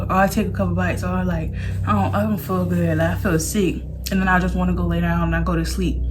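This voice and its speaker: A young woman telling a casual storytime to her camera, chatty and loose, with "like" all through her talk. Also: on the low side. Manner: chatty, loose, says "like" a lot. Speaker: vlogger.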